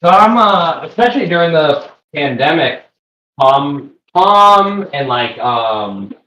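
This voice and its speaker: A man hosting a comedy talk show, telling stories in an animated way and swearing often. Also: a little high, takes it slowly, a little hiss or hum. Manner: animated storyteller, swears a lot. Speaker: podcast host. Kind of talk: casual comedy chat. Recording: echoey room.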